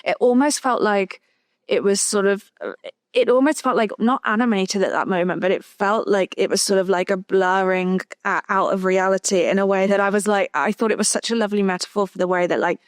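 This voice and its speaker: A woman hosting a casual interview, encouraging her guest with quick affirmations. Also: mid-range voice, no room sound, studio quality. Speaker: podcast host.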